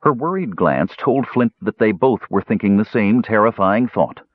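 A man reading a fantasy audiobook with expressive storytelling, in a slightly dull recording. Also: on the low side, normal speed, dry recording. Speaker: audiobook narrator. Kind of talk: scripted audiobook narration.

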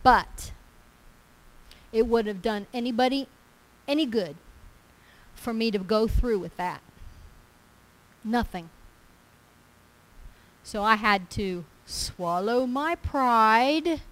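A woman's voice: a little high, expressive, slow, pauses often, rough recording. A woman preaching a sermon in an emphatic, conversational way, repeating her phrases for weight.

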